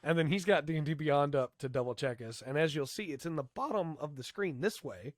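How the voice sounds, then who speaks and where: A man co-hosting a podcast about tabletop game rules, hoarse and losing his voice from a cold, chatty and explaining with lots of fillers. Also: fairly high pitch, brisk, no room sound, studio quality. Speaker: podcast co-host.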